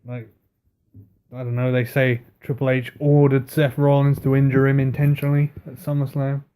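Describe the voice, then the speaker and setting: A man's voice: medium pitch, completely flat delivery, moderate pace, warm tone, clean tone. A man co-hosting a wrestling recap, chatty and joking, asking questions and guessing at storylines. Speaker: podcast co-host. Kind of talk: casual wrestling recap chat.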